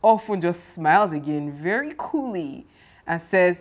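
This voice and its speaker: Animated young woman vlogger. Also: fairly low pitch, unhurried. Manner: animated, laughing, exclaiming. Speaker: vlogger recapping a TV series. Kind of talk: casual chat.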